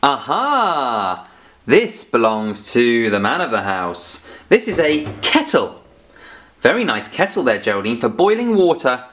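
Patient teacher chiding a puppet. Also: male voice, mid-range voice, sing-song, a little slow. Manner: gently scolding, patient, playful. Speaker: phonics teacher. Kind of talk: children's phonics lesson.

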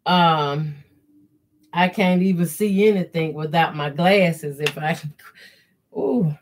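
A middle-aged woman, hosting a casual quilting live stream, reading viewer comments and praying aloud with deep feeling. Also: slow, pauses often. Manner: heartfelt, prays aloud with deep emotion. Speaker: quilting channel host.

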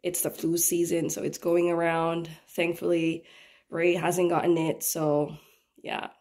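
A woman's voice: fairly low pitch, monotone, a little slow, darkish tone, no room sound. A young woman vlogging a thrift run in a chatty, upbeat way, her voice a little muffled from a cold she is getting over. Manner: chatty, upbeat, addresses viewers directly. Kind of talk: casual vlog narration.

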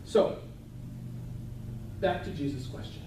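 A man's voice: mid-range voice, expressive, takes it slowly, noisy background. A male pastor giving a conversational sermon with casual asides. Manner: conversational, chatty preaching with asides. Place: church sanctuary. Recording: echoey church hall, mic at a distance.

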